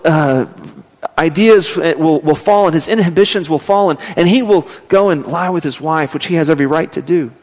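Preaching man in a reverberant hall. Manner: storytelling preacher, drops low and slow for emphasis. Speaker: pastor. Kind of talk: sermon.

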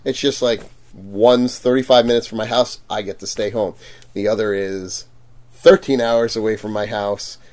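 A man telling stories in a casual chat, animated, laughing and acting out quotes loudly. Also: lowish voice, normal speed. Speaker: guest vendor.

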